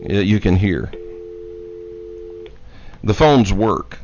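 A man hosting a live radio talk show from a studio, talking in an unhurried, halting way with many fillers. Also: sits low, lively intonation, a little mellow, slight background noise. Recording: dry, dull lo-fi radio studio sound.

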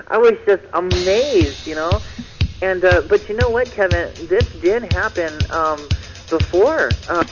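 A man calling in to a talk show, telling an animated story and acting out what others said. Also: high-pitched, moderate pace. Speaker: caller. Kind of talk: excited anecdote. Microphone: telephone. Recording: dull phone line with faint music.

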